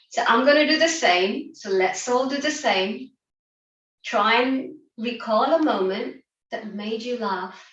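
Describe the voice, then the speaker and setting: A higher-voiced woman leads a group through laughter yoga, upbeat and encouraging. She talks slowly and often breaks into laughter. Her voice comes from some way off the mic in a roomy, echoing space. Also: fairly bright tone, recorded from a distance, lo-fi sound. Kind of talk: guiding an online group exercise session.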